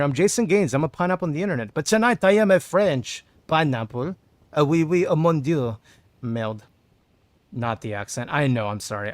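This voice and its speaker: A man's voice: medium pitch, no echo. A man streaming a video game, chatting casually with his viewers and thinking aloud as he plays. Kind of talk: casual gameplay commentary.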